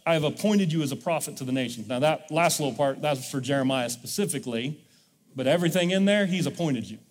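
A man's voice: a little high, fast talker, big-room sound, slight background noise. A male pastor preaching a sermon in a church, leading the congregation in call-and-response. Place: church sanctuary.

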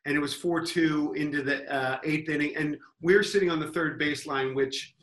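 A man with a bright, forceful voice spins a rambling comic story on a podcast panel. He sits slightly high in pitch and sounds amused with himself, stacking asides and restarts. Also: fairly even intonation, normal speed. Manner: rambling, self-amused, acts out loud mock quotes.

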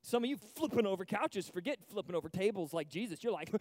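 A young man preaching an animated sermon to a church youth group, swinging from loud bursts to hushed moments. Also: high voice, quick pace, no echo. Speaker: youth pastor. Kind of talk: energetic sermon. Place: church service stage.

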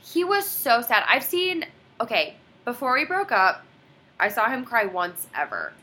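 A woman in her twenties telling a personal story in casual chat, animated and quoting others dramatically. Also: fairly high pitch, unhurried.

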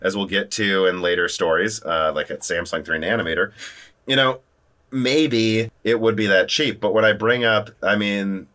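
A man hosting a casual tech chat, animated and talking through quick restarts. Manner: animated, talks through restarts, lively pitch jumps. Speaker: podcast host.

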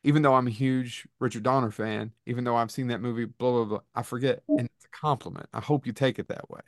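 A man's voice: medium pitch, fairly even intonation, fast talker, dry recording, studio quality. A man hosting a casual interview, eager and stumbling over his restarts. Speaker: podcast host.

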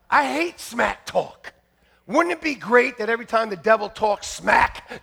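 A man preaching a fiery sermon to his church, shouting and joking by turns. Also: very high-pitched, animated, measured pace, vocal fry, slightly rough, a faint crowd. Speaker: pastor. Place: church sanctuary.

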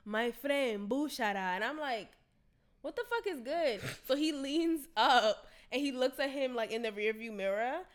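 A young woman telling a story in casual chat, slangy and animated, acting out the quotes. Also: sits high, moderate pace.

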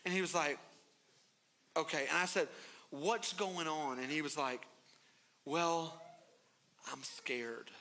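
Male pastor telling a story, high bright voice, playful and animated. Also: a little slow, pauses often. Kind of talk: sermon with storytelling.

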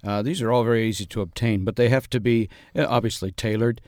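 Hesitant, earnest Cold War hobbyist with a lowish voice and dry studio sound, played by a man for a spoof interview. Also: dry recording, natural voice. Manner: halting, full of uhs, deadpan. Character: earnest, deadpan male Cold War reenactor. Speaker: interview guest. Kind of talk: mock interview.

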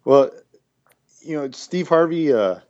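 A man co-hosting a podcast, rambling and animated in casual banter, full of restarts. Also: on the high side, slow, dry recording, lo-fi sound. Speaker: podcast co-host.

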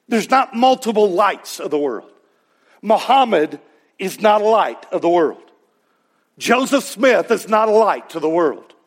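A pastor preaching a sermon in church, voicing scripture with emphasis and speaking directly to the congregation. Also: male voice, on the high side. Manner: preaching to a congregation, acting out God's words with emphasis.

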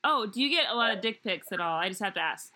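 A woman's voice: mid-range voice, expressive, fast, sharp tone. A young woman hosting a podcast, chatting casually with lots of fillers and giggles. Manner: rambling, giggly, many fillers. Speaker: podcast host.

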